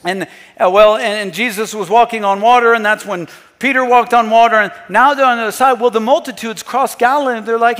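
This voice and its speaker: A male pastor preaching a sermon, emphatic, dropping to a hush and then rising to loud. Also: high voice, fairly quick, big-room sound. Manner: emphatic, swings between hushed and loud, acts out scripture quotes. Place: church.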